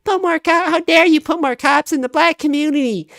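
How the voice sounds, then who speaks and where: A man's voice: very high voice, brisk, fairly bright tone, dry recording, studio quality. A man in his twenties with a heated, profane, exasperated way of talking as he hosts a reaction video. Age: 20s. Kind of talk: ranting reaction commentary.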